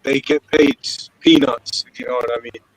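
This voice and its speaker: A man's voice: mid-range voice, steady tone, normal speed, slight background noise, poor audio. A man with a southern English accent chatting casually on a live call, swearing freely between laughs. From Britain. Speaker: participant in open discussion.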